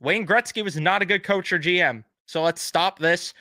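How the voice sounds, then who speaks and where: A young man with a bright, crisp, fairly high voice rants casually on a live stream. He swears bluntly and piles on sarcastic apologies. The sound is dry and close. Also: moderate pace, dry recording.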